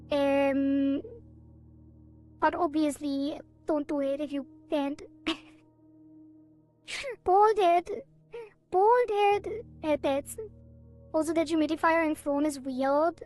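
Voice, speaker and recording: A woman's voice: high voice, darkish tone. A woman streaming a game, chatting casually with her viewers in a rambling, giggly way with playful sound effects. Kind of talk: casual live-stream chat.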